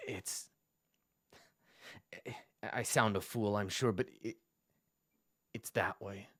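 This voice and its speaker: A man voicing a weary, soft-spoken male cleric who has lost his memory, speaking in a hushed, halting murmur. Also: lowish voice, fairly even intonation, dry recording, clean studio sound.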